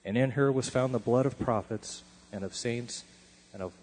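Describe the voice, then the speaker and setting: A man reading a long scripture passage aloud in a measured, solemn manner. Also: mid-range voice, darkish tone, husky, low-quality recording. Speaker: scripture reader.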